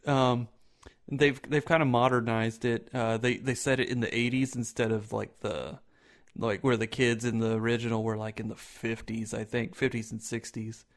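A man co-hosting a podcast in casual chat, telling stories with lively energy, swearing freely and laughing loudly. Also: mid-range voice, normal speed. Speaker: podcast co-host.

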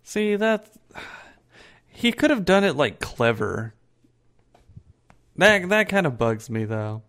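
A man's voice: fairly high pitch, slow pace. A man co-hosting a podcast, chatting casually with lots of swearing and filler words. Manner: swearing, animated, hesitant with fillers. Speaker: podcast co-host. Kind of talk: casual chat.

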